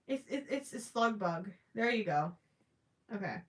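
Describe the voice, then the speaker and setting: A woman's voice: medium pitch, animated, a little slow. A young woman casually chatting on a livestream while crocheting, reading viewer questions aloud and teasing herself. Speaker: livestream host.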